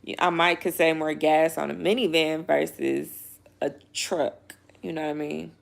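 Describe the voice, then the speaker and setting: A woman's voice: low-pitched, little pitch movement, moderate pace, gravelly. A young pregnant woman chatting casually to camera, blunt and swearing a lot, laughing often, and feeling sick. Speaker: vlogger.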